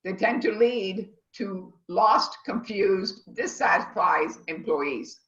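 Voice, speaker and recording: Heard through dull, echoey lo-fi audio, a culinary instructor lectures her online class over video call. She's slow yet barely pauses, with a mid-range, slightly bright voice and a rambling, emphatic teacherly manner.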